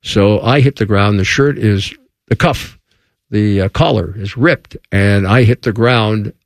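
Man telling a lively baseball story. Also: measured pace, no echo, studio quality. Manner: acts out quotes with raised pitch. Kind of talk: animated storytelling.

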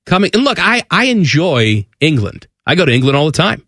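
A man's voice: on the high side, sing-song, brisk, fairly bright tone, no room sound, clean studio sound. A man co-hosting a sports radio show, reading aloud and joking in casual banter with a sarcastic edge. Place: radio studio.

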